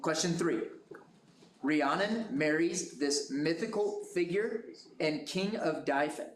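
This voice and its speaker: A man moderating a school quiz bowl, reading questions slowly and carefully. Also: fairly high pitch, animated. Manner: slow, measured question reading. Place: school classroom. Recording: echoey room with noise.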